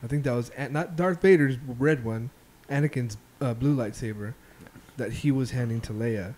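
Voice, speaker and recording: A man hosts a casual podcast, retelling stories in a loose, profane ramble. His voice sits in a middle pitch with a mellow, relaxed tone. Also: moderate pace, slight background noise. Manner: loose, profane storytelling with filler ums. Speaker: podcast host. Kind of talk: casual chat.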